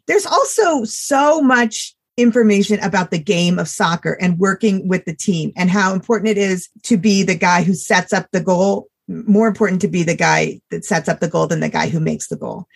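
A woman's voice: lowish voice, normal speed, creaky, few pauses, husky. A middle-aged woman, a former teacher and parent, chatting casually as a podcast co-host, emotional and gushing, often trailing off and restarting. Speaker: podcast co-host reviewing children's books. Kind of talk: casual chat.

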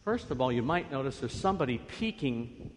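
A priest giving a children's sermon in a church, coaxing the children along with lively questions. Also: male voice, mid-range voice, brisk, slight background noise. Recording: long reverb of a church.

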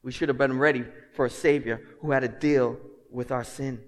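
A man's voice: mid-range voice, fairly quick. Impassioned male preacher in a reverberant hall. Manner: emphatic preacher, swings from quiet to loud and jokes with the congregation. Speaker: pastor. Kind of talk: sermon. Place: church sanctuary. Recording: long reverb of a large hall.

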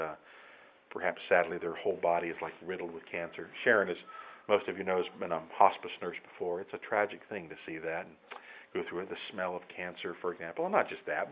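A man preaching a sermon in an earnest, emphatic way, rising often to loud exclamations. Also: lowish voice, highs cut off. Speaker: pastor.

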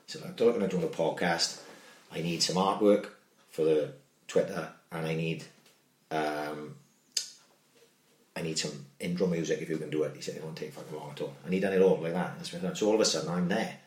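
A man's voice: extremely low pitch, fairly even intonation, fairly quick. A man, co-hosting a podcast in casual, sweary chat, telling stories and often asking "do you know what I mean". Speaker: podcast co-host. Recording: roomy echo.

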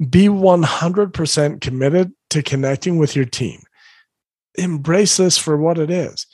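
Earnest husky-voiced man coaching parents. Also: a little high, darkish tone, no echo, studio quality. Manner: earnest, encouraging, acts out his own inner thoughts. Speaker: parenting coach, former school principal. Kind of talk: motivational talk to parents.

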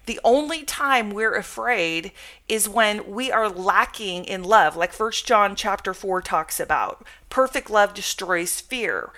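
A woman with a bright, clear voice leads a devotional Bible lesson on a podcast. She reads a passage aloud, then breaks it down in a relaxed, conversational way. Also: medium pitch, takes it slowly.

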